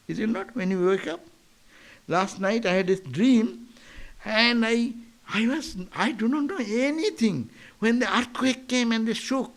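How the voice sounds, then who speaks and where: Male monk, high voice, philosophical sermon with chant-like repetition and rhetorical questions. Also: animated, a little slow, pauses often. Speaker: monk giving a lecture. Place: monastery lecture.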